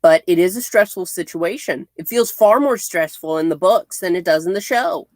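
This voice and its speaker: A woman's voice: on the low side, lively intonation, moderate pace, a little mellow, dry recording. A woman co-hosting a comic review, chatting casually and hesitantly as she retells scenes. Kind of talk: casual chat.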